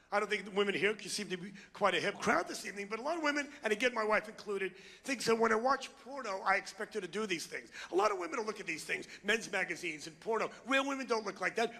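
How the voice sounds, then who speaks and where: A man's voice: high-pitched, lively intonation, fast, pushed and bright, in a large hall. A middle-aged man doing a stand-up routine, ranting and insulting the crowd in a brash manner on a club stage. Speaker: stand-up comedian. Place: comedy club before a live crowd.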